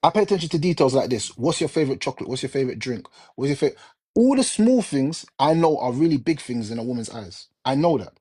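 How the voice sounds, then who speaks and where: Jamaican guy hosting a live chat, husky mellow voice, keeps repeating himself to hammer points home. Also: mid-range voice, lively intonation, quick pace. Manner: emphatic, repetitive, lecturing. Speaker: live stream host. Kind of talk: casual chat.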